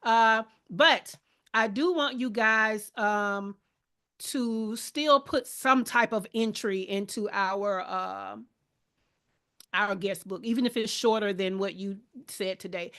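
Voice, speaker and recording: A woman talks casually to her live audience, calling them y'all and mixing in slang. Her pitch sits in a middle range. She sounds like a business coach hosting her own show. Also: slow pace. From Alabama. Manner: warm, chatty, Southern slang, addresses audience as y'all. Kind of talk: casual live-stream talk.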